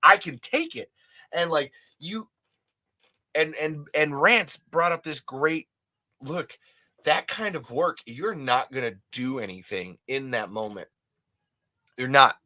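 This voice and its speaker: A man's voice: medium pitch, animated, slow, pauses often, pushed and bright. A man in his thirties hosting a casual livestream, rambling emphatically with many restarts and frequent swearing. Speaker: livestream host.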